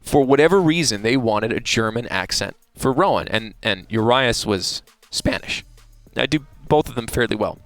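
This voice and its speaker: A man, a voice actor being interviewed, talking in a chatty, relaxed way with many restarts. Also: medium pitch, moderate pace, few pauses, no room sound, faint music behind. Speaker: voice actor guest.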